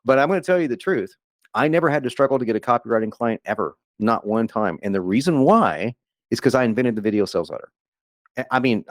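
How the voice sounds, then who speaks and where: A man giving an enthusiastic, rambling sales pitch on a webinar as a guest copywriter, with frequent restarts and laughs. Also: no echo, studio quality.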